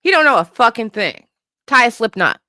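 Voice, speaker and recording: A woman co-hosting a podcast, ranting in a profane, animated way and laughing often. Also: a little high, normal speed, dry recording, clean studio sound. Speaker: podcast co-host. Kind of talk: casual comedic commentary.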